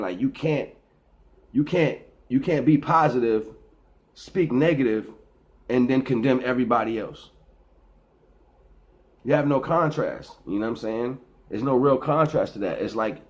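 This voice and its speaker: A middle-aged man speaking in a rambling, preachy casual monologue, often repeating and restarting his words. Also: medium pitch. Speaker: vlogger.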